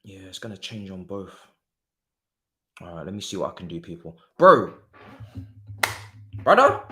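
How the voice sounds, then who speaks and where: A man's voice: sits low, big pitch swings, moderate pace, pauses often, a bit bright. A young man streaming a live football watchalong, talking in slangy, exclamatory bursts and muttering asides to himself.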